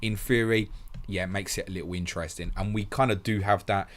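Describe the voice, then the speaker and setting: A man hosting a live stream, briskly reading listener questions aloud and answering them in a matey, casual way. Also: on the low side, fairly even intonation. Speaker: podcast host.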